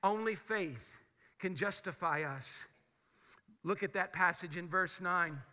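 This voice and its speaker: A man's voice: high-pitched, unhurried, pushed and bright. A male pastor delivering a conversational, emphatic sermon full of rhetorical questions in a large church sanctuary. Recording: long hall reverb of a church.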